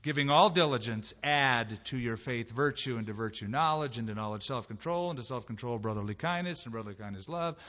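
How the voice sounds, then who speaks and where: A man preaching a sermon as pastor, in a lively, conversational way with emphatic rises and quoted voices. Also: medium pitch, a little fast, few pauses, long reverb tail, highs cut off. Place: church sanctuary.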